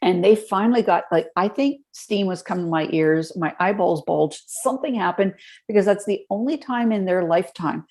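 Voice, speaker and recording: A woman as a podcast guest, telling lively stories and explaining health tips step by step in a conversational interview. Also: mid-range voice, normal speed.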